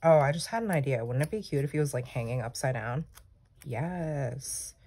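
A woman's voice: a bass voice, animated, normal speed, dark tone, husky. A young woman chatting casually and rambling with self-teasing asides while she decorates a planner. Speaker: planner vlogger. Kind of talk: casual chat while crafting.

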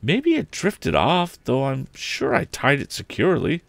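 A man reading a storybook aloud, voicing an earnest young male inventor in a raised, excited voice. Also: measured pace, vocal fry, no echo, heavily acted. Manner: excited, pitched well above the reader's own voice.

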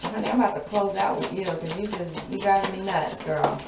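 A woman's voice: mid-range voice, brisk, creaky, recorded from a distance. A woman, giving a sassy, drawling tarot reading in a spoken channeling style and laughing often. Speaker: tarot reader. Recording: echoey room, voice off-mic, noisy.

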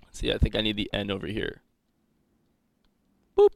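A man's voice: fairly low pitch, completely flat delivery, very fast, creaky, dry recording. A young man teaching a live coding lecture, rambling and joking, laughing often. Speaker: coding instructor.

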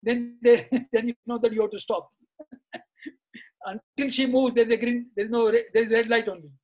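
A man's voice: extremely high pitch, steady tone, moderate pace, darkish tone, lo-fi sound. A middle-aged man, an interview guest, recounting anecdotes in a chatty, reminiscing way, full of "you see" and "uh". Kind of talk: anecdotal storytelling in conversation.

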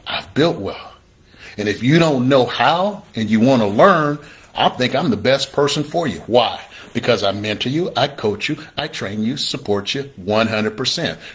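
Energetic man teaching like a coach. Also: medium pitch, measured pace. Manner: energetic, preacher-like repetition and call-and-response; playfully acts out his viewers' questions. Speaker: real estate investing educator. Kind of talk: livestream teaching talk.

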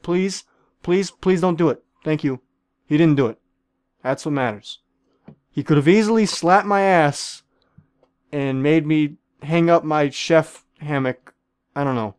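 A gaming video creator with a fairly high voice delivers excitable, profane commentary over a game, talking straight to the other players while jokingly playing a celebrity chef. He keeps a measured pace with frequent pauses. The recording is dry and clean, with no echo or room sound.

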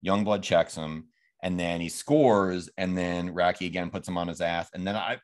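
A man with a lowish voice talks through a film scene by scene in a relaxed podcast chat. He rambles, restarts and slips into quick impressions of the characters. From Phoenix, Arizona. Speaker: podcast host. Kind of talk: casual film review chat.

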